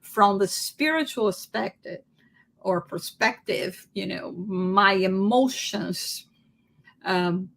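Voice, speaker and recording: Slow-talking woman, quick to laugh. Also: mid-range voice, vocal fry, a little hiss or hum. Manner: animated, laughing often, many restarts. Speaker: podcast co-host. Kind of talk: discussion on psychology and spirituality.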